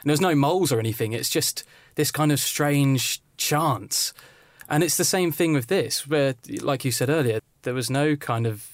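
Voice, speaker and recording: Relaxed male co-writer, dry recording. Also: medium pitch, moderate pace, no room sound. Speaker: co-writer guest. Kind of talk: film interview.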